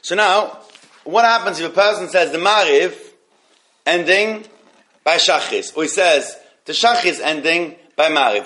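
A man giving a halacha class, reading Hebrew passages quickly and then explaining them in English, often repeating himself. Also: fairly high pitch, expressive, sharp tone, slight background noise. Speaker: Torah teacher.

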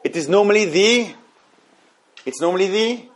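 Higher-voiced man teaching a text class. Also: animated. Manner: explains texts slowly with many restarts and repeated phrases. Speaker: Torah teacher. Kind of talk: halachic class with questions.

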